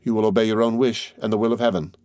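A man voicing a tender, grieving middle-aged noble mother in a storybook reading, with soft, mournful lines. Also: on the low side, fairly even intonation, rapid-fire, dry recording, studio quality, natural voice.

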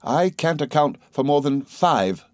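A man reading aloud as an elderly aunt, speaking slowly and deliberately in a slightly raised voice. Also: medium pitch, darkish tone, no room sound, clean studio sound, natural voice. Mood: firm, composed. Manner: slow, deliberate, clipped. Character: stern composed elderly aunt, woman.

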